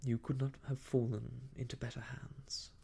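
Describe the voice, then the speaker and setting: A man voicing an idle, uneasy young gentleman in a whispered role-play, hesitant and sheepish. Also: mid-range voice, flat delivery, normal speed, gravelly, husky.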